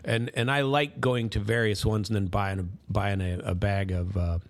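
A man's voice: fairly low pitch, steady tone, normal speed. A middle-aged man hosting a casual, rambling monologue, folksy and full of restarts. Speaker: host.

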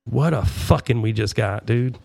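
A man with a gravelly voice holds forth in an angry, profane political rant, full of sarcastic asides. He rambles with fillers, and his pitch sits in an ordinary middle range. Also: moderate pace, darkish tone.

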